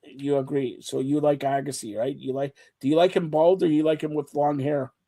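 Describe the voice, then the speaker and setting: A man's voice: fairly high pitch, normal speed. A man hosting a casual sports chat show, teasing his co-hosts and talking over them. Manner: teasing, talks over others, animated.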